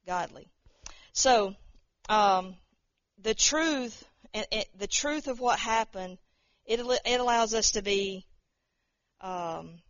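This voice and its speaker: A woman's voice: medium pitch, no room sound, highs cut off. A woman giving an informal spoken testimony, rambling and repeating words, acting out the voices of people she quotes. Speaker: speaker sharing a testimony.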